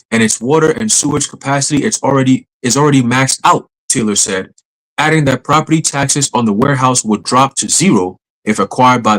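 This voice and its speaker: A man's voice: mid-range voice, rough recording. A man hosting a podcast, reading a news article aloud and adding casual, cursing asides, often stumbling and rereading words. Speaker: podcast host.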